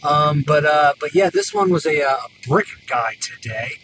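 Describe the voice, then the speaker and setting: A man's voice: fairly high pitch, expressive, a little slow, music in the background. A man who works as a mechanic and hosts a podcast, ranting about customers in a casual, profane, rambling way full of fillers. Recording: distant mic with clear background noise.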